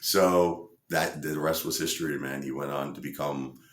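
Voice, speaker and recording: A man's voice: very deep voice, steady tone, moderate pace, reverberant. A man casually telling a story with lots of fillers, acting out quotes in other voices. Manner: rambling, many fillers, acts out quotes. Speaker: entertainer storyteller.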